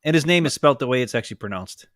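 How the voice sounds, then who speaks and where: A man's voice: mid-range voice, animated, very fast, a bit bright, no echo, clean studio sound. A man from Wisconsin, co-hosting a casual sports podcast and rambling through stories in which he acts out the people he quotes. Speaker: podcast co-host. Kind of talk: casual chat.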